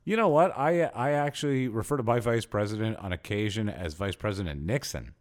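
A man with a fairly low voice co-hosts a relaxed talk show. He jokes and throws in sarcastic asides, keeping things light and animated. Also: brisk. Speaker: podcast co-host. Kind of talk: casual satirical chat.

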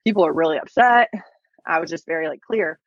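A woman's voice: sits low, brisk, no echo. A woman on a podcast as a guest, telling her story in a casual, chatty way full of "like" and "um". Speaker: podcast guest, online reseller. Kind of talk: casual interview chat. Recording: dull, lo-fi, dry podcast audio.

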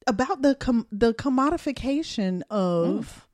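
A woman co-hosting a podcast who jokes and giggles her way through the chat. Her pitch is lively and bouncing, and she is recorded close and dry. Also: unhurried, no echo. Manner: joking, giggly banter. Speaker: podcast co-host. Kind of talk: casual chat.

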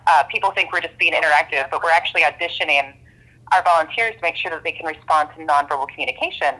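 A woman's voice: low-pitched, quick pace, pushed and bright, low-quality recording. A woman comedy performer chatting in an interview, jumping in with many ums. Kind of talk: casual interview chat.

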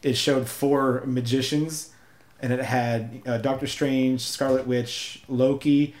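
A man's voice: mid-range voice, little pitch movement, slow pace, a little mellow. A man hosting a casual interview podcast, laughing often as he talks. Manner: giggly, laughs often mid-sentence. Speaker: podcast host. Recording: roomy echo.

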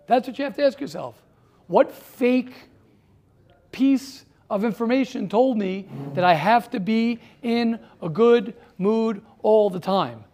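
A man with a notably high voice leads a class discussion. He talks in a stream of rhetorical questions, repeating phrases as he presses his point. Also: slow pace, warm tone. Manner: rhetorical questions, repeats himself, grows heated. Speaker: teacher. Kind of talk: classroom talk with students.

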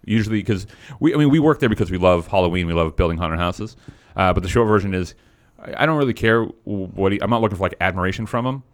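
A man with a lowish voice hosts a casual podcast from a small studio, his tone dry and teasing. His pitch swings widely as he jokes with his co-hosts, and he laughs easily. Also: animated, fast talker. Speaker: podcast host. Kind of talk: casual banter among co-hosts. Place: small home-built studio.

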